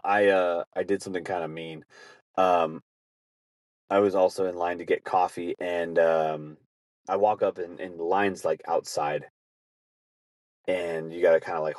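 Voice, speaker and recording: A podcast host telling casual, rambling stories with lots of swearing and frequent laughter. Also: male voice, low-pitched, darkish tone, no room sound. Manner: profane, rambling, laughing often. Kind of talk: casual storytelling.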